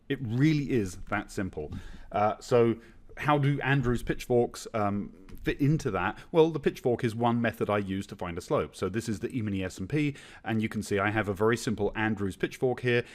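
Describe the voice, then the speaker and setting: Male webinar presenter, lowish voice, patient and repetitive teaching delivery, computer mic. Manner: patient, repetitive explaining with analogies and rhetorical questions. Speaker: webinar presenter, market analyst. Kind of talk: live webinar teaching chart analysis.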